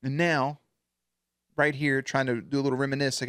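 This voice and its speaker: A man hosting a casual reaction video, talking in a slangy, profane, animated way. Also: medium pitch, normal speed, clear, resonant tone, no room sound, clean studio sound.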